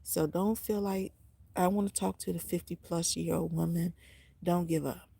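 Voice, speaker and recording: Fifties woman vlogger, low and raspy-edged, talks straight from the heart with no script. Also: steady tone, moderate pace, warm tone. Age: 50s. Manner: rambling, emotional, heartfelt. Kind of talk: unscripted casual vlog.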